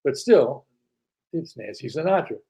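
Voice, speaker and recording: Older man with a husky voice. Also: mid-range voice, lively intonation, measured pace, warm tone, low-quality recording. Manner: anecdotal, acts out quoted dialogue, frequent restarts. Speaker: guest. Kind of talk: casual storytelling interview.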